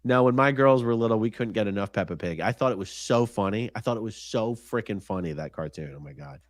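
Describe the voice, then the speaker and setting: A man's voice: fairly low pitch, lively intonation, fast, no room sound, clean studio sound. Talkative male host reading viewer comments. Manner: reads viewer comments aloud, asks pointed questions. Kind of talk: live-stream panel chat.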